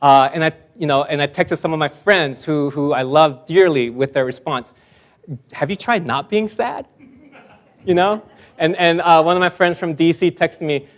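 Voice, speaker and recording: Self-deprecating pastor, emphatic at the close. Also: male voice, fairly high pitch. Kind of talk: sermon.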